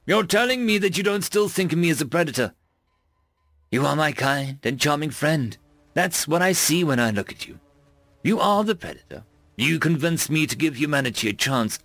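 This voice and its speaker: A man's voice: a little high, creaky, fairly bright tone, dry recording, pitched above the performer's own voice, full character voice. A man voicing a timid, affectionate male alien who speaks in an earnest, pleading way.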